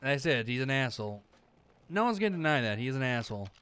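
A man's voice: mid-range voice, very animated, fast. A man doing let's-play commentary, sarcastic and swearing, talking back at the game. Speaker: gamer playing through a game. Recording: noisy with clicking sounds.

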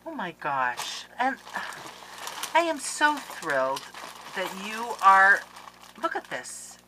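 A woman hosting a crafting channel, chatting casually to viewers in a gushing, excitable way as she opens mail at home. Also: medium pitch, takes it slowly. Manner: excitable and gushing, with gasps and laughs. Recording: noisy background with clicks.

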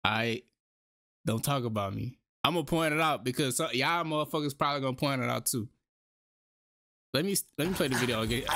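A man's voice: mid-range voice, brisk, a bit bright, dry recording. A man talks casually over a video he is watching. His speech is loose and slangy, full of repeated asides. The sound is dry and close, with almost no room in it. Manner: slangy, laid-back, repeats himself. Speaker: reaction streamer. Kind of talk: casual reaction commentary.

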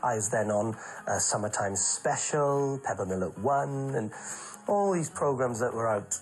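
A man's voice: medium pitch, unhurried, soft background music, rough recording. A middle-aged Welsh man, a comedian, telling chatty backstage anecdotes in an interview and acting out the people in them. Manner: chatty, animated, acts out the people in his stories.

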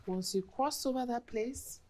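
A woman's voice: a little high, measured pace, mellow, a little hiss or hum, lightly acted. An actress playing a tired, strict mother and wife with a Nigerian accent, speaking firmly. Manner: firm, weary.

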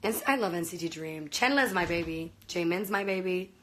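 A woman's voice: on the low side, moderate pace, a bit bright, a little hiss or hum, poor audio. A young woman from Venezuela chatting casually on a live stream, gushing and full of fillers, talking into a phone. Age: young adult. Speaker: livestreamer.

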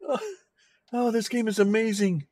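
A woman's voice: sits low, big pitch swings, moderate pace, no room sound. A woman streamer giving let's-play commentary, giggling and amused.

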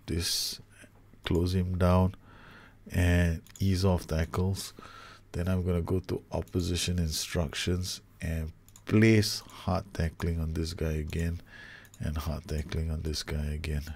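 A low, gravelly-voiced man talks through a football management game as he plays it. He is loud and exasperated about his side. His voice has a rough creak, and he swings from muttering to outbursts. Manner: animated, exasperated, groans at his own team. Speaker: gaming YouTuber. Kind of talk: game commentary.

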